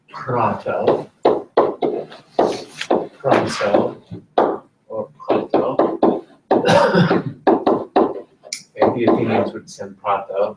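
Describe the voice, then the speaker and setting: A man teaching a Greek class, slow and patient, checking in often with "okay?", recorded from a distance in a classroom. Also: lowish voice, heavy background noise. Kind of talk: classroom lesson. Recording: roomy classroom from far off.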